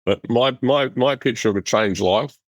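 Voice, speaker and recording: A middle-aged Australian man telling his life story in an interview, in a rough, blunt, animated way, acting out the voices of people he quotes. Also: medium pitch, moderate pace, no room sound, highs cut off. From Western Australia. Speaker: interview guest. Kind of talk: casual storytelling.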